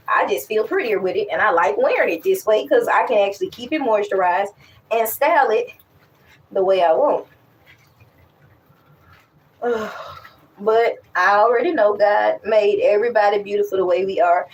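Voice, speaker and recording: A young woman with a high, bright-pitched voice chats candidly to her viewers, rambling through restarts and lively asides. Her voice sits a little back from the mic. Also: recorded from a distance, poor audio. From West Africa. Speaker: vlogger. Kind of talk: casual chat to camera.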